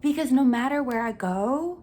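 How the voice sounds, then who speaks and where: A young woman hosting a vlog, talking in a casual, earnest way with lots of filler words and an upbeat, animated delivery. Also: sits high, normal speed. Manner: chatty, earnest, full of "like" fillers. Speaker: vlog host. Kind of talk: casual life-update chat.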